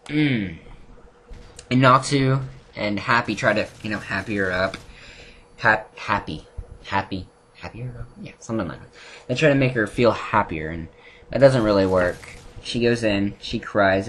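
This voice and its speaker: A man's voice: fairly low pitch, a little hiss or hum. Rambling man recapping anime episodes. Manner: rambling, animated, many restarts and fillers. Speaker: anime reviewer. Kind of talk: casual spoken recap. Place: home room.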